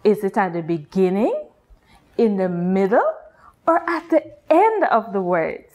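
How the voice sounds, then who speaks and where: A woman's voice: medium pitch, very animated, darkish tone. A woman with a Guyanese accent teaching a nursery class, speaking patiently and drawing out her words for young children. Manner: patient, sing-song, drawn-out teacher talk with exaggerated rises. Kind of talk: slow, deliberate children's lesson.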